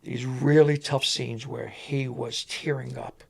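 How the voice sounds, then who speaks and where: A man, a stuntman guest, telling animated on-set stories and acting out the voices of the people in them. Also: mid-range voice, slow pace, creaky, slightly rough. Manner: animated, acts out voices in anecdotes. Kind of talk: animated storytelling.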